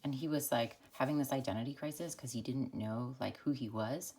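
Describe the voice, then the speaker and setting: A woman's voice: a bass voice, a little fast, a little mellow, slight background noise. A woman teacher telling a playful, casual math story for a lesson. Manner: casual, playful, full of like and dude.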